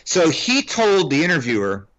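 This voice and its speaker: Bright, rambling male podcast co-host. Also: on the high side, huge pitch swings, normal speed. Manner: rambling, restarts, laughs easily. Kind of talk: casual film chat. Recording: slightly dull lo-fi audio.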